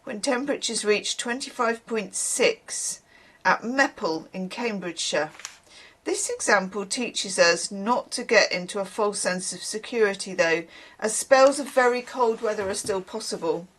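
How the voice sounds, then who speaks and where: A woman's voice: medium pitch, measured pace, a bit bright, slightly rough. A woman, a tarot reader chatting casually to camera, rambling with wry asides.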